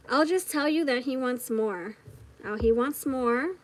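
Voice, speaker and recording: A woman giving a casual tarot reading straight to the viewer, chatty and giggly, thinking out loud as she goes. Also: high voice, moderate pace, poor audio. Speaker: tarot reader.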